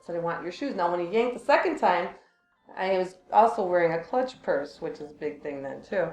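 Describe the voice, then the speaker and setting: A woman's voice: fairly low pitch, moderate pace, reverberant, low-quality recording. A woman casually telling a personal story to friends, laughing often and acting out what people said. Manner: animated, laughs often, acts out quotes.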